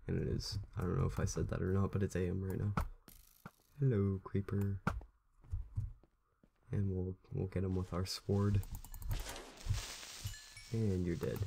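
Brief: young male let's-player, deep gravelly voice, chatty and rambling, keyboard clicks behind. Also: flat delivery, unhurried, pauses often, noisy background. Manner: chatty, rambling, talks to viewers while playing. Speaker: gameplay commentator. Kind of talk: casual let's play commentary.

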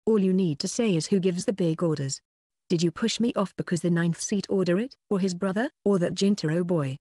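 A narrator voicing a ruthless young male chef who threatens captives in a calm, cold way. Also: mid-range voice, a little fast, no echo, clean studio sound, natural voice. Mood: menacing.

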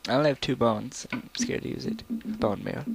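A man's voice: mid-range voice, sing-song, fairly quick, gravelly. Young male let's player, casual rambling commentary, faint noise in the recording. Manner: rambling, breaks into song snippets.

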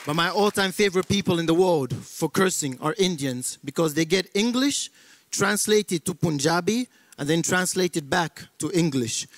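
High-voiced male stand-up comic. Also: lively intonation, moderate pace, no room sound, a faint crowd. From Africa, grew up in Belgium. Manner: playful, mixes in Romanian words. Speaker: stand-up comedian. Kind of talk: stand-up comedy.

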